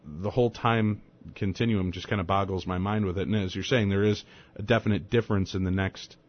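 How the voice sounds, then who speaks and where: Low-voiced radio host telling a story. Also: male voice, fairly quick. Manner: animated storytelling, conversational. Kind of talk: radio talk show. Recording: dull lo-fi radio sound.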